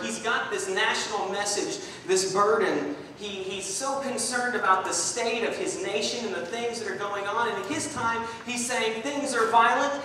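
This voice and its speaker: A young man preaching a sermon in a church, telling stories in an animated way and acting out the voices in them. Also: sits high, moderate pace, few pauses. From Southern California. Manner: animated storytelling, acts out voices in anecdotes. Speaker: guest preacher. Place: church sanctuary. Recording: distant, echoey hall recording with faint noise.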